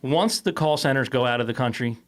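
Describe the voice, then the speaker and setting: Animated storytelling man, podcast host. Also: medium pitch, fairly quick. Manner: animated, acts out quoted voices; swears freely, laughs while telling. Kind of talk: casual storytelling chat.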